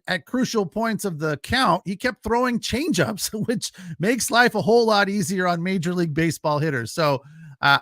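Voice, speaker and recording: A man's voice: high voice, pushed and bright, dry recording, studio quality. A man hosting a solo postgame sports podcast, talking casually with lots of fillers and reacting to live chat. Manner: casual, chatty, frequent fillers, laughs easily.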